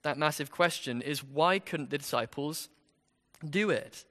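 A man preaches through a passage in an easy, conversational sermon, tossing out rhetorical questions as he goes. His voice is bright and forceful and sits a little high. A long reverb trails behind him. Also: a little slow.

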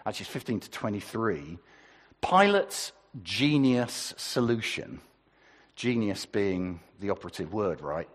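Male preacher, husky, lively up-and-down delivery, church reverb. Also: fairly low pitch. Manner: lively, conversational, asks the congregation questions. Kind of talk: sermon.

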